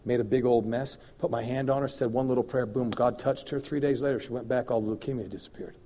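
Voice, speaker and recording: A male guest minister tells stories from the pulpit, lively and chuckling, breaking into little sound effects. His voice comes through a dull, muffled recording with a long church-hall echo. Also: medium pitch, fast. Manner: animated storyteller, chuckles, mouth sound effects. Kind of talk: sermon with personal storytelling.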